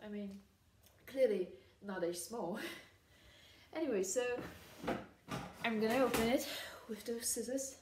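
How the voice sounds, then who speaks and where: A woman's voice: fairly high pitch, a little slow, pauses often, noisy background. Giggly young woman in an echoey room. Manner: gushing, giggly, lots of fillers. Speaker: vlogger. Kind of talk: casual unboxing vlog. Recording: echoey room, mic at a distance.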